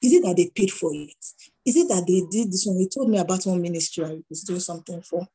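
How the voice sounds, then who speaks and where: A woman's voice: lowish voice, quick pace, husky, poor audio. A middle-aged Nigerian woman speaking as an interview guest, telling stories and acting out the dialogue in them. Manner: animated storyteller who acts out dialogue. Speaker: guest entrepreneur. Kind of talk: conversational interview.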